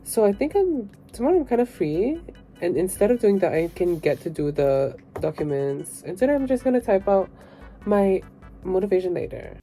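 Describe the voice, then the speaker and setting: A woman's voice: medium pitch, very animated, normal speed, dark tone, poor audio. A young woman vlogging her week in a casual, chatty way, swearing freely and giggling now and then. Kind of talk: casual vlog chat. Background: music.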